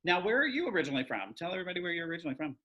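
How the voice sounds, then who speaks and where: Upbeat, bright-voiced male host. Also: fairly high pitch, big pitch swings, rapid-fire, dull audio. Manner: upbeat, effusive, repeats praise. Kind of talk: casual online interview.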